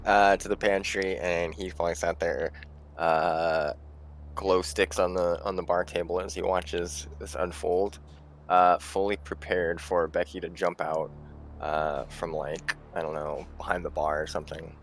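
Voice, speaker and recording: A man's voice: sits low, level tone, unhurried. A man playing a tabletop game, rambling with many fillers. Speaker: player. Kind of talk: tabletop role-play chat.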